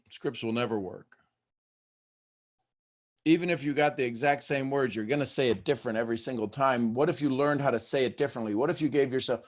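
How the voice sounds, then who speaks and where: A male motivational host with a mid-range voice speaks to his listeners. He keeps asking them questions and shifts his delivery often, dropping to a near hush and then rising to loud bursts. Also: medium pitch. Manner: dynamic, swings between hushed and shouted. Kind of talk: motivational talk on a call.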